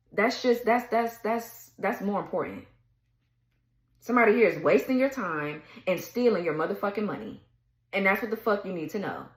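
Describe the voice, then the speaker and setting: A woman's voice: medium pitch, a bit bright, echoey room, poor audio. A woman giving a tarot reading in a blunt, heated rant, cursing freely and laughing between her words. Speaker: tarot reader. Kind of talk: casual ranting tarot reading.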